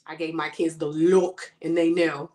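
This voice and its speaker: A woman's voice: low voice, little pitch movement, unhurried, darkish tone. A woman hosting a casual makeup livestream, chatting with viewers and calling them y'all and girl as she works. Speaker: beauty livestream host. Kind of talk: casual chat while doing makeup. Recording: echoey room sound.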